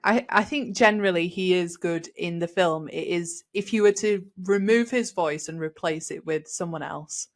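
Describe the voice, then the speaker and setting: A woman hosting a podcast, chatting in an animated way and laughing often as she reviews a film. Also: lowish voice, normal speed, hardly any pauses. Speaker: podcast host. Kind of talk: casual film review chat.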